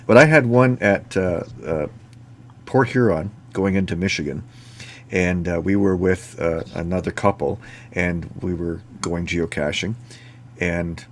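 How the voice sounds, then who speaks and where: Low-voiced man spinning anecdotes. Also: slight background noise. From Ontario, Canada. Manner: rambling anecdotes with laughs and acted-out dialogue. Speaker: host. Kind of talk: casual storytelling chat.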